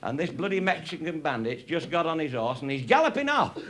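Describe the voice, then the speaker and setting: A man's voice: a little high, big pitch swings, brisk, hardly any pauses, a bit bright. An older man from England telling crude, humorous hunting and shooting stories to a live audience, laughing often as he goes. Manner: salty, laughing, showing cartridges. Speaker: raconteur. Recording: noisy live recording.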